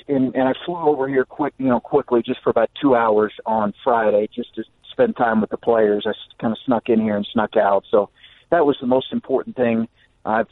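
A man phones in as a coach on a radio show. His voice is at an ordinary middle pitch and sounds tinny and narrow through the phone line. He answers earnestly, hesitating with fillers and restarting his sentences as he thinks aloud. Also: vocal fry. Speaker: basketball coach, guest.

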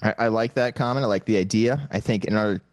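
A man's voice: lowish voice, a little mellow. A man co-hosting a casual podcast, joking sarcastically and swearing as he banters. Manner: rapid, sarcastic, mock-serious joking, swears. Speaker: podcast co-host. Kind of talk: casual livestream chat.

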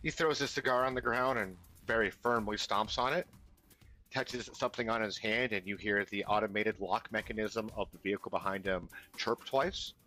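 A man's voice: fairly low pitch, steady tone, normal speed, sharp tone, faint music behind. Rambling man running a tabletop game. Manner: rambling, full of fillers and restarts. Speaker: game master.

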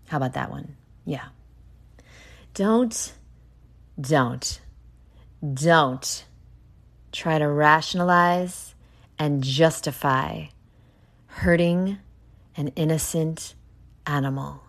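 A young woman hosting a solo podcast, ranting with heavy profanity and swinging between hushed asides and loud outbursts. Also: sits low, slow pace, gravelly, pauses often. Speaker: podcast host.

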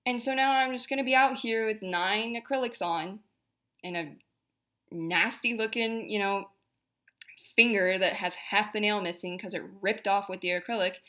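A woman's voice: mid-range voice, fairly even intonation, moderate pace, a bit bright. A young woman hosting a podcast, talking in a chatty, rambling, exasperated way about everyday annoyances. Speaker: podcast host. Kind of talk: casual monologue.

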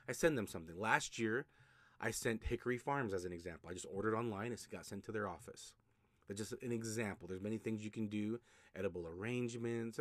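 A man's voice: fairly low pitch, dry recording. Man giving casual podcast advice, dry sound. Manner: conversational, repeats himself, frequent restarts and fillers. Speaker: podcast host, notary signing agent.

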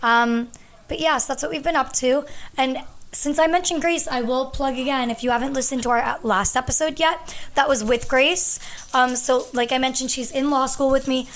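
A woman in her twenties hosting a casual podcast, hoarse and losing her voice, chatty and rambling with lots of ums and likes. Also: sits high, fairly even intonation, normal speed, a bit bright. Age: 20s. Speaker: podcast host. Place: at her family home. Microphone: podcast microphone.

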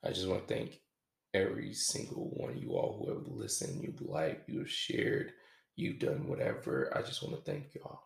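Very gravelly man, roomy echo. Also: sits low, big pitch swings. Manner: halting, reflective, casual with swearing. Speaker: podcast host. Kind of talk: confessional podcast monologue. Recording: echoey room.

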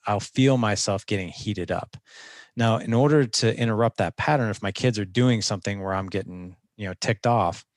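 A man's voice: fairly low pitch, no room sound, studio quality. A man speaking as a guest coach in a conversational interview, earnest and instructive, often restarting his sentences.

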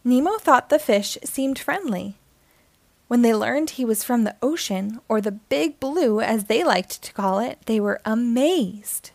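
A woman reading a children's picture book aloud in a gentle storytelling manner. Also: a little high, expressive, a little slow, vocal fry, no room sound.

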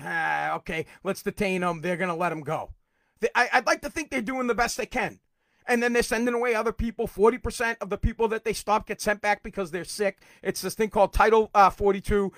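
A middle-aged man hosting a podcast, delivering a heated, profane political rant that sometimes rises to shouting. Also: sits high, no echo, studio quality. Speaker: podcast host.

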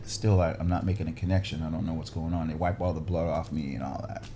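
A man, an actor, telling an animated story from a film set, acting out the people in it, with many restarts and fillers. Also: a bass voice, fast, a little hiss or hum. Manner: acts out quoted voices, frequent restarts and fillers.

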